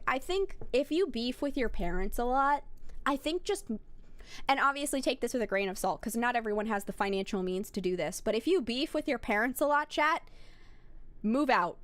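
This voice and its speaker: A woman's voice: a little high, fairly bright tone, dry recording. A young woman VTuber streamer chatting casually with her audience, rambling and swearing as she talks. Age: young adult. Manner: rambling, profane, talks straight to chat. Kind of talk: casual livestream chat.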